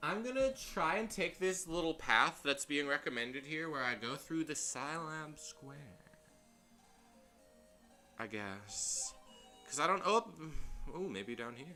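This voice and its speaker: A man's voice: on the high side, lively intonation, takes it slowly, pushed and bright. A young man casually commentating a game on stream, chatty and rambling, laughing at himself as he goes. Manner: rambling, chatty, self-deprecating with frequent laughs. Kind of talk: casual let's-play commentary. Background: faint game music.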